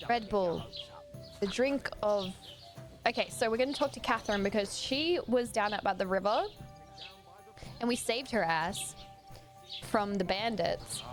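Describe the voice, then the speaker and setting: Aussie woman chatting over a game, slow easygoing talk, music playing. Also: medium pitch. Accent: Australian. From Australia. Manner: chatty, giggly, slips into silly voices. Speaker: streamer. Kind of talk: casual gameplay commentary.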